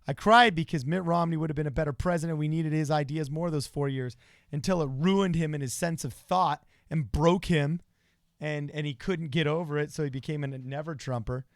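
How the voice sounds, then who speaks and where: A slightly high-voiced man hosts a casual livestream, reading viewer messages aloud and reacting with excitable jokes. His voice sits a little above the usual range for a man. The sound is dry and close, with no room echo. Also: a little fast. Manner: excitable, joking, reacts loudly. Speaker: livestream host.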